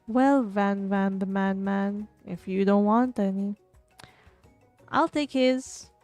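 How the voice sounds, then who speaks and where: A woman's voice: medium pitch, slow, a little mellow, no echo, soft background music, natural voice. A woman voicing a sly rival schoolgirl in a dating game, with a coy, sugary way of talking.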